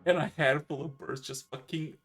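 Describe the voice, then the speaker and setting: A man's voice: a little high, steady tone, moderate pace, vocal fry, a bit bright, faint music behind. A man narrating a tabletop game as game master, in a casual, cursing style. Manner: casual, swearing narration with laughter.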